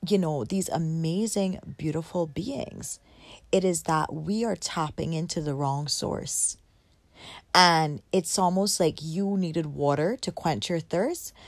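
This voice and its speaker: A woman giving a casual motivational talk, animated and emphatic, repeating words for effect. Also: low voice, no echo. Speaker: motivational vlogger.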